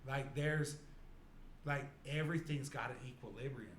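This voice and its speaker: A man's voice: medium pitch, moderate pace, a bit bright, a little hiss or hum. A young man chatting on a podcast in a loose, rambling way, full of "like" and "you know". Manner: rambling, heavy use of "like". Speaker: podcast guest. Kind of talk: casual podcast chat.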